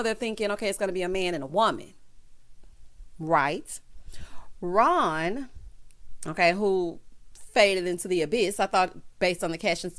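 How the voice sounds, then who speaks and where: A young woman hosting a casual reality show recap, sassy and chatty, calling viewers honey and child. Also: medium pitch. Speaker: YouTube recap host.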